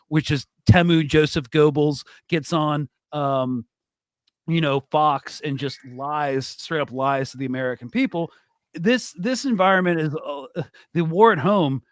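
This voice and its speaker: A man's voice: a little high, no room sound, clean studio sound. A man who is a military veteran speaking bluntly in a casual podcast conversation, swearing freely and talking with animation. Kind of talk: casual personal talk.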